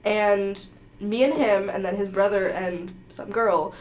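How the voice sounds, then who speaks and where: A woman in a casual chat who reacts quickly and upbeat to the others. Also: mid-range voice, steady tone, a little mellow.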